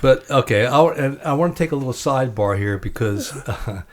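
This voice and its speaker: A man hosting a podcast interview in a relaxed, chatty way. He laughs easily and reads passages from a book aloud. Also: medium pitch, fairly quick. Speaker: podcast host.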